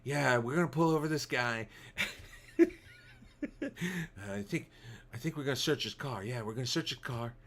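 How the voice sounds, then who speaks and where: Man imitating a mumbling action-star cop, soft, halting, low-key.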